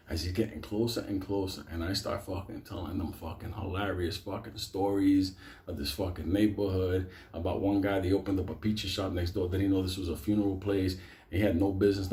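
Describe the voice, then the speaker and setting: A man's voice: low voice, fairly even intonation, brisk, mellow, echoey room. A man telling a wild story to a late-night audience, swearing nonstop and laughing through his own lines. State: sweating, worked up. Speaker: storyteller, stream host. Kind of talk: profane storytelling to a live audience.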